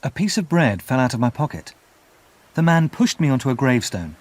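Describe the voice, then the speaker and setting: Measured male audiobook narrator. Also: mid-range voice, big pitch swings, a little mellow, no echo. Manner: clear, measured storytelling. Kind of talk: scripted narration for English learners.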